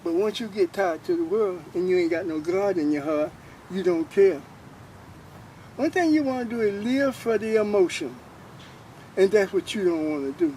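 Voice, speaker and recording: Older man, high-pitched, earnest informal preacher; faint outdoor traffic behind. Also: animated, normal speed, warm tone, low-quality recording. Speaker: preacher sharing faith. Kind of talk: informal spoken testimony.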